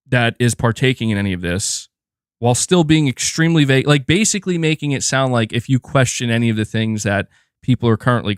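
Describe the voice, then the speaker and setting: A man hosting a casual gaming livestream, ranting in a loose, animated way with lots of filler words and free swearing. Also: medium pitch, clear, resonant tone, no echo, studio quality. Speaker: gaming podcast host.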